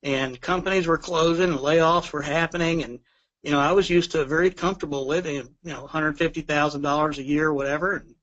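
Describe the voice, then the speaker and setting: A man's voice: fairly high pitch, steady tone, brisk, a bit bright. A middle-aged man from Texas with a Texan accent giving a plain-spoken, easygoing testimonial on a call. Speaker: guest member giving testimonial. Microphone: remote call line. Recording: dull lo-fi call audio.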